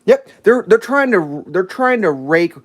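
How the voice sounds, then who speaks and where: Profane, animated ranting streamer. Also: medium pitch, a little slow. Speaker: live streamer. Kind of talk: ranting storytelling.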